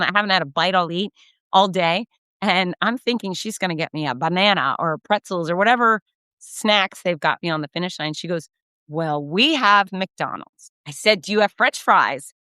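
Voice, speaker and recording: A middle-aged woman, a race announcer, telling effusive, animated stories in a casual recap and acting out the quotes. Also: lowish voice, moderate pace, no room sound. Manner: effusive, animated storyteller who acts out quotes. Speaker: race announcer and podcast host.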